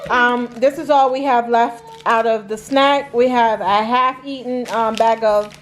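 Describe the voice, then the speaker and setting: A woman from Jamaica hosting a casual family vlog at home, chatting in an unhurried way with many filler words. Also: on the high side, steady tone, soft background music. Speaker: mother and family vlog host. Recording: noisy home recording.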